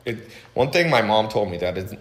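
A man hosting a podcast, talking bluntly and animatedly in a casual monologue, his voice swinging between loud and low. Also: very animated, brisk, noisy background. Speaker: podcast host.

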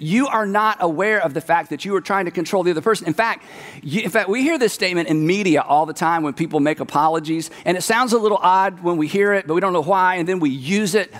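A high-voiced male pastor delivers a sermon in an animated, conversational way, slipping into the voices of the people he describes. A long echo follows his words, as if he's in a big hall.

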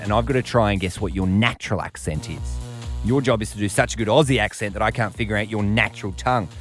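Chatty, jokey male radio host. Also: on the low side. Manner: jokey, chatty, puts on voices. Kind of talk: casual radio talk.

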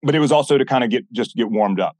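A man guesting on a podcast, telling stories in a blunt, animated way and acting out what people said. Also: medium pitch, quick pace, no room sound. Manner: animated, blunt, swears often, acts out quoted dialogue. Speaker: podcast guest, former military instructor. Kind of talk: casual interview storytelling.

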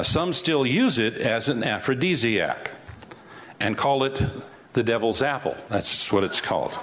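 A man's voice: medium pitch, fairly bright tone. Pastor guy teaching bible verse by verse, chatty, asks the listener questions. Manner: conversational, asks rhetorical questions.

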